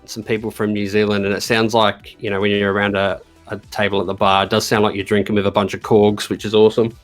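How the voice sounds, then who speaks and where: A man's voice: fairly low pitch, completely flat delivery, fast, faint music behind. A man in casual chat as a guest, talking with many ums and restarts. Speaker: podcast guest.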